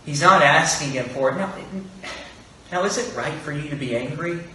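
A man preaches an earnest expository sermon in a sharp-toned voice on the high side, at normal speed. He asks rhetorical questions and acts out quoted speech. The room is very echoey, he sounds far off, and there's faint background noise.

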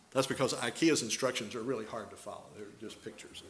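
A man's voice: on the low side, fairly even intonation, quick pace, a little hiss or hum. An older man preaching a sermon, a pastor who explains scripture through folksy stories and rhetorical questions.

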